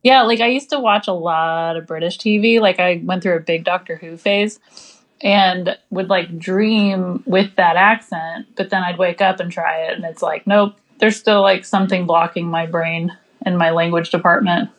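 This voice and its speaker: A woman's voice: fairly low pitch, steady tone, normal speed. An American woman co-hosting a casual podcast. She talks loosely and chattily, filling her sentences with "like" and laughing often. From United States. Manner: chatty, lots of "like" fillers, laughs easily. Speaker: podcast co-host. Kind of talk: casual chat.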